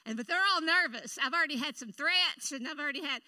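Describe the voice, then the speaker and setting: Bright, animated woman preaching. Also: high-pitched. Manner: animated, emphatic, with bursts of laughter and quick asides. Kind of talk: sermon. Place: church sanctuary.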